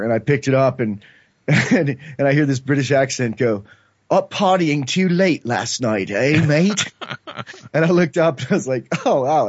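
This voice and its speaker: A man's voice: medium pitch, no echo. A man, a filmmaker and podcast guest, telling a rambling story in casual chat and acting out quotes. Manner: rambling, animated, acts out quotes. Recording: dull lo-fi sound, dry.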